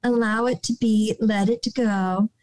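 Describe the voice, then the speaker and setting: Older american lady, slow soothing talk, a bit high, dry close sound. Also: steady tone, low-quality recording. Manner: slow, gentle and soothing, many restarts and "you know". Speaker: guest, nonprofit director. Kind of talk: podcast interview, calm advice.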